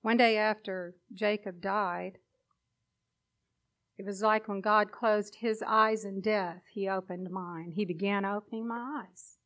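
A woman's voice: mid-range voice, fairly even intonation, measured pace, fairly bright tone. A woman preaching a sermon and sharing a personal testimony, with an emotional, emphatic delivery.

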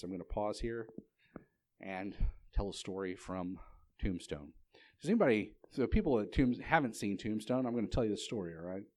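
A man preaching a sermon, reading scripture and telling stories in a relaxed, conversational way. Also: lowish voice, normal speed, dry recording. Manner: casual, conversational storytelling. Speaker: pastor.

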